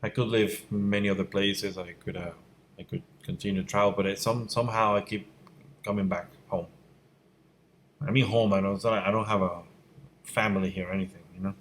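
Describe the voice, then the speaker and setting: A middle-aged man from Venezuela with a low voice answers viewer questions in a casual Q&A, speaking as a visual effects instructor. He is candid and blunt and often gets worked up and emphatic. A faint hiss sits under his voice, recorded on a fixed mic at home at night. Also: steady tone, a little fast. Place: room at home at night by a window. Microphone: fixed mic, voice fades when he turns away.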